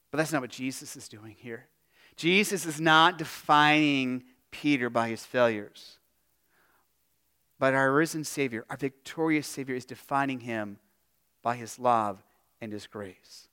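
Bright, clear-voiced male pastor preaching. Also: mid-range voice. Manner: earnest, personal, pauses and restarts. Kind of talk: sermon.

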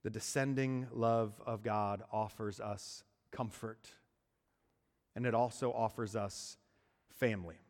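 A man preaching a sermon, using dramatic pauses and dropping to hushed endings on key words. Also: fairly low pitch, steady tone. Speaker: pastor. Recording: long hall reverb.

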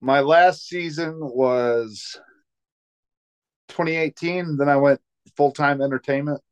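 A man's voice: a little high, slow, smooth. A man from Montana, a comedian guest, telling stories in casual chat and laughing often. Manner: animated storytelling, laughs often. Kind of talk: casual storytelling.

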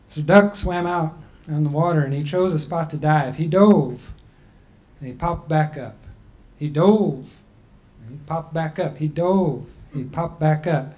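A man giving a talk and telling a traditional creation story in a measured, deliberate way with frequent pauses. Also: a little high, a little mellow. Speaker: speaker.

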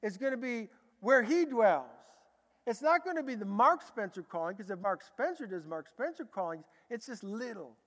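Male preacher, very high and bright voice, animated storyteller, echoey large hall. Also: normal speed. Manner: animated, acts out dialogue in a lively way. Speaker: preacher giving a testimony. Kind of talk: sermon storytelling.

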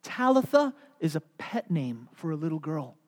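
A pastor preaching a sermon, animated and storytelling, then going soft and hushed. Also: mid-range voice, normal speed, long reverb tail. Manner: animated storytelling, drops to soft hushed tones for quoted words.

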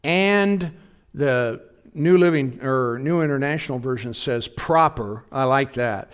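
A man pastor giving a conversational sermon, often checking in with his congregation. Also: a little high. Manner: conversational preaching, often asking the congregation if they follow.

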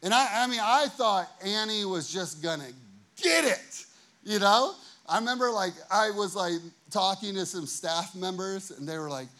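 A man in his thirties preaches a sermon as he tells a personal story, his voice bright and a little high. He swings between loud, excited bursts and hushed asides. He keeps checking in with the congregation as he goes. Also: moderate pace. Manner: animated, acts out quotes, many "you know what I mean" asides. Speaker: pastor.

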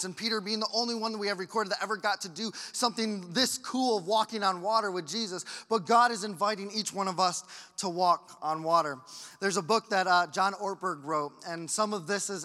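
Pastor guy preaching, bright high voice, lively and loud then hushed, long church reverb. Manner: animated, acts out quoted voices with big swings in loudness. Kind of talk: sermon.

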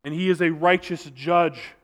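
A man preaching a sermon as pastor, earnest, and at times dropping to a soft, intense voice for emphasis. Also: a little high, steady tone, moderate pace. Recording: reverberant hall sound.

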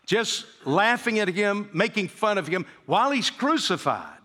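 Man, preacher, sermon, slightly high voice, acts out quotes, long church reverb. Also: very animated, measured pace, hardly any pauses, sharp tone. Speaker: pastor. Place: church sanctuary.

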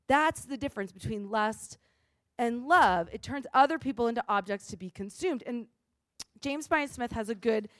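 Woman, preacher, conversational sermon, high voice, casual, dry sound. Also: expressive, moderate pace, fairly bright tone, no echo. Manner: casual, asks "right?" often, says "like".

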